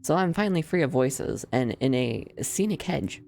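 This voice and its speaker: A woman's voice: rumbling low, lively intonation, moderate pace, vocal fry, darkish tone, slight background noise, full character voice. A woman reading the inner monologue of a sardonic young villainess in a game, dry and wry with formal phrasing.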